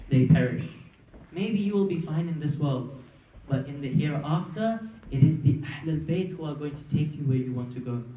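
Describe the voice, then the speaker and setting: A man's voice: fairly high pitch, dark tone. A man giving a religious sermon at a live gathering, telling a story in an earnest preaching manner and asking rhetorical questions. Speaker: majlis speaker. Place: gathering hall at a live majlis. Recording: echoey hall from far off.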